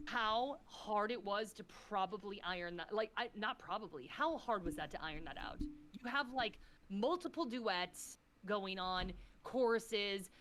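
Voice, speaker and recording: A woman's voice: medium pitch, lively intonation, measured pace, fairly bright tone, a little hiss or hum. Gushing, foul-mouthed woman guest. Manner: effusive, swears freely, fillers of "like"; emotional, gushing. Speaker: podcast guest. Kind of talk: impassioned casual chat.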